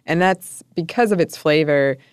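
Woman, podcast co-host, playful, joking, deep voice, dry studio sound. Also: normal speed, clean tone, no echo. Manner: playful and joking, laughs easily. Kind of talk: casual conversational podcast.

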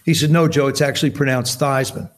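This New Jersey man in his seventies speaks quickly at a medium pitch. Appearing as a guest on a podcast, he tells stories casually and performs the quoted dialogue with lively voices.

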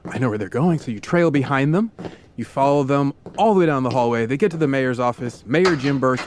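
A man's voice: medium pitch, a little fast, slight background noise. Playful man telling a true story. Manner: vivid, playful, acts out side characters with funny voices. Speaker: podcast host. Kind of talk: storytelling narration in second person.

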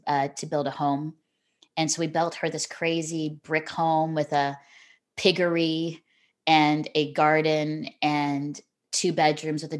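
A middle-aged woman speaks as an interview guest, recounting a deeply personal story. Her voice sits low and she talks earnestly, circling back with restarts and "you know" as she goes. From Canada. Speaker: guest, television host.

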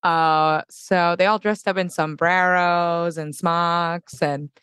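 Wry woman with a smooth voice. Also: on the low side, fairly even intonation, slow pace, fairly bright tone, dry recording, studio quality. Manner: wry, laughing, outspoken. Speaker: producer and co-host. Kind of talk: casual chat.

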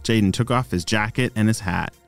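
A man's voice: lowish voice, a little fast, vocal fry, smooth, soft background music. A man hosting a children's podcast, narrating a story in a chatty way and talking directly to young listeners. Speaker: storyteller and host of kids' podcast.

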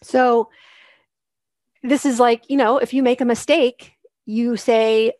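A woman's voice: fairly high pitch, fairly even intonation, takes it slowly, long pauses, darkish tone, no echo, studio quality. A woman hosting a solo podcast, coaching moms in a casual, encouraging way and acting out the voices she quotes.

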